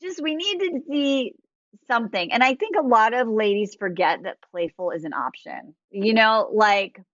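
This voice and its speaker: Female podcast host, chatty and animated, dry and a little dull on mic. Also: a little high, moderate pace, dry recording. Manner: chatty, animated, many fillers. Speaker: dating coach and podcast host. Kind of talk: casual podcast chat.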